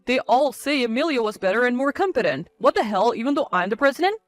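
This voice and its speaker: A woman's voice: on the high side, animated, fast, faint music behind, close to an everyday voice. A woman voicing a man, a blunt, arrogant company president who turns to whiny pleading, in a storybook reading.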